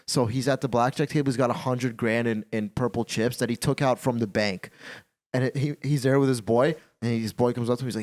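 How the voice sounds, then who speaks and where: Male podcast host, mid-pitched, animated and profane, casual chat. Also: brisk. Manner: animated, repetitive, swearing freely.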